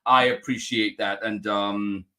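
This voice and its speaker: A man's voice: on the low side, steady tone, unhurried, bright, forceful tone. A man hosting a children's story time, reading a picture book aloud and chatting upbeat with viewers, often laughing and thanking them.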